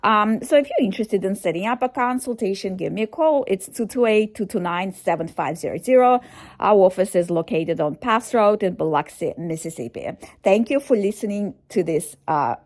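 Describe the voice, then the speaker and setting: A woman's voice: medium pitch, animated, moderate pace. Hesitant woman lawyer, many fillers. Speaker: defense attorney. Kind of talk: informational video to camera.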